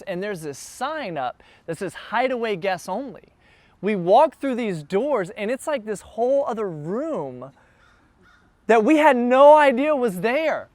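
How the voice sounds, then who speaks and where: A man who is a church planter, telling a casual, animated story to a group gathered in a backyard. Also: high voice, no room sound. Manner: animated, builds excitement as the story goes on. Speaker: church planter addressing his launch team.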